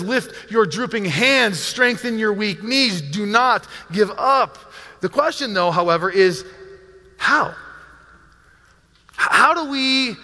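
Guy preaching in a church, high bright voice, earnest, kinda restarts words, big echoey hall. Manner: earnest, pastoral, repeats words when starting phrases. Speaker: pastor. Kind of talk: sermon. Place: church sanctuary.

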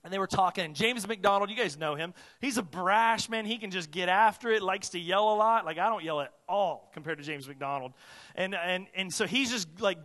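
A man's voice: sits high, a little fast. Preaching man in a reverberant church hall. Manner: dynamic preaching, swinging from loud urgent emphasis to hushed earnest tones. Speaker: pastor. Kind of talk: sermon.

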